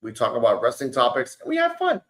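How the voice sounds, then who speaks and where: A man's voice: mid-range voice, huge pitch swings, fast, low-quality recording. A man co-hosting a wrestling talk show, brash and taunting with lots of swearing. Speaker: podcast co-host. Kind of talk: casual wrestling chat sign-off.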